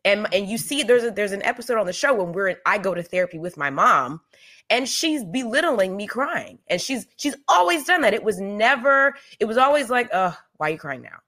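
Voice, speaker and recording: Here the podcast co-host's voice is fairly high, expressive, brisk, pushed and bright. She tells personal stories candidly and emphatically in conversation, with frequent restarts.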